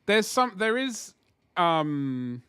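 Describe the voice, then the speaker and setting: A man's voice: high-pitched, big pitch swings, very slow, bright, forceful tone, clear, resonant tone, no echo, clean studio sound. A man chatting casually on a live stream as he paints miniatures, thinking aloud and rambling with self-deprecating asides.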